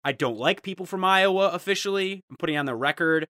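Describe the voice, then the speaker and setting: A young man hosts a casual podcast and rants in mock outrage, with a bright, fairly high voice. The sound is dry and close, with no room heard. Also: fast, no room sound. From Ohio. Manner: ranting, mock-outraged, jumps into quoted voices. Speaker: podcast host.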